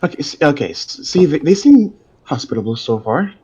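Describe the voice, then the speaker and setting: Stammering man role-playing, lively pitch. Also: brisk, slightly rough, highs cut off. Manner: nervous, stammering. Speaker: player. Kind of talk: in-character tabletop role-play.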